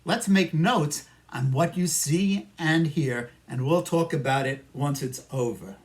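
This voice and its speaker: A man with a New York accent teaching an English listening lesson, talking patiently to students and echoing their answers. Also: fairly high pitch. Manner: slow, patient, talks to imagined students and answers for them. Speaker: ESL teacher. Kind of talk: simulated classroom micro lesson.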